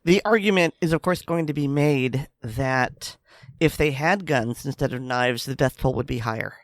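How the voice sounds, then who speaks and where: A woman's voice: rumbling low, normal speed, no echo, studio quality. A woman co-hosting a podcast in casual chat, cutting in with wry, blunt remarks. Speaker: podcast co-host.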